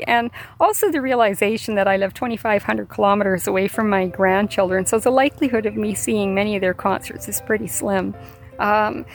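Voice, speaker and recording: An older woman, a grandmother, hosting a podcast and telling a heartfelt personal story in a conversational way. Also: medium pitch. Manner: heartfelt, conversational with fillers and repeats. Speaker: podcast host. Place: outdoors or near open air, plane overhead.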